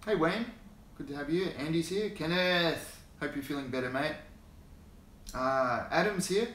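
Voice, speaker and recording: An Australian hobby channel host runs a casual livestream, rambling and chuckling as he greets viewers by name while talking into a phone held in his hand. His voice is a little high and a bit bright, at a measured pace. The sound is roomy, with a little hiss or hum.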